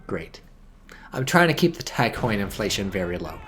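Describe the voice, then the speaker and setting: A man's voice: fairly low pitch, slow pace, long pauses. Profane, rambling male game commentator. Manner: profane, rambling, lively bursts of excitement. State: tired and drunk, hiccuping.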